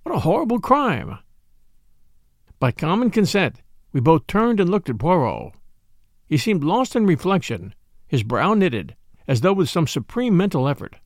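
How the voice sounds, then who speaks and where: Gravelly-voiced man narrating a mystery. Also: on the high side, moderate pace, dry recording, clean studio sound. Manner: steady storytelling, voicing each figure. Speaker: audiobook narrator. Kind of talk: scripted narration of a detective story.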